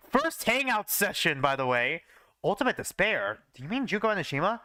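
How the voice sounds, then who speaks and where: A man's voice: fairly high pitch, very animated, normal speed, sharp tone, no echo, clean studio sound. Young man laughing at his own fanfiction. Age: young adult. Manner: swears casually and laughs at his own writing. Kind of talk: live reading with joking asides.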